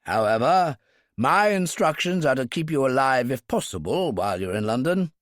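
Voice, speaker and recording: A man's voice: medium pitch, big pitch swings, normal speed, a bit bright, no echo, clean studio sound, pitched above the performer's own voice. A man reading an audiobook, voicing an elderly British brigadier with a clipped, wry, authoritative manner. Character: gruff elderly British brigadier, dry and commanding.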